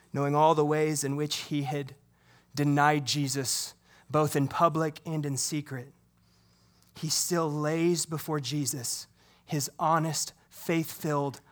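High-voiced man preaching with animated delivery. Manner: animated preaching, acts out dialogue, asks the congregation questions. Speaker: pastor. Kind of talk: sermon.

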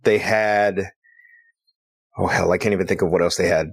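Man, lower voice, casual, chatty, swears, laughs easily. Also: fairly even intonation, moderate pace, gravelly, husky. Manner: easygoing, chatty, laughs often. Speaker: podcast co-host. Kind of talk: casual profane chat.

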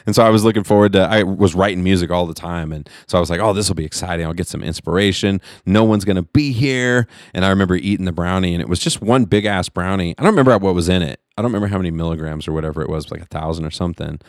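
A man's voice: sits low, rapid-fire, hardly any pauses, no echo, clean studio sound. A middle-aged man co-hosting a podcast, rambling through a casual story with lots of laughing and swearing. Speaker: podcast co-host.

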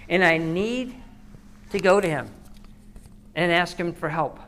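A woman's voice: on the low side, unhurried, fairly bright tone. A woman podcast host giving an earnest devotional talk, preaching with repeated phrases.

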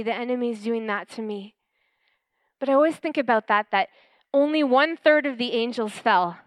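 Woman pastor, earnest storytelling sermon, slightly high, smooth voice, dry close sound. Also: dry recording. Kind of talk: sermon with personal testimony.

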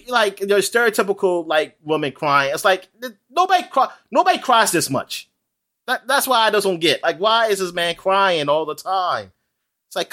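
Animated man rambling in casual chat. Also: high-pitched. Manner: animated, rambling, frequent fillers and laughs.

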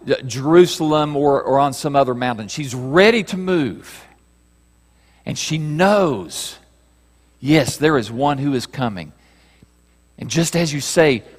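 A man preaching a sermon, reading scripture aloud and moving between raised passages and hushed ones. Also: medium pitch. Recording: reverberant hall.

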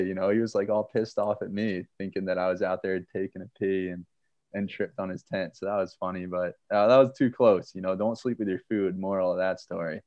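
A man from Pennsylvania telling a hiking story in a casual, animated way, acting out the lines of people in it and using lots of fillers. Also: low voice, brisk, dry recording, highs cut off. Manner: animated, acts out quotes, many fillers.

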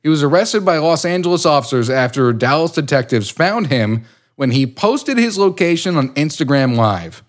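A man co-hosting a podcast, worn out from a long couple of days, yet his voice swings widely and sits a little high for a man. He jokes easily and reads news copy aloud, stumbling and breaking off to comment. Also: lively intonation, moderate pace. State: tired, yawning. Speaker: podcast co-host. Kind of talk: casual chat and reading news stories.

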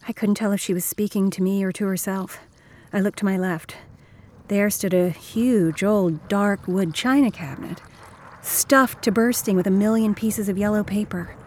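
A woman's voice: medium pitch, a little mellow, slight background noise. A woman reading a first-person audiobook in a wry, slangy, conversational voice. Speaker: audiobook narrator.

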